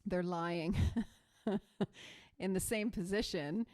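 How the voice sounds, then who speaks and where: A woman with a slightly low voice chats casually on a choir live stream. She rambles through her stories with plenty of fillers and restarts. Her mic sits a little away from her rather than right in front of her mouth. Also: slow pace, a little mellow. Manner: chatty, rambling storyteller with many fillers and restarts. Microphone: mic set away from her, not in front of her mouth.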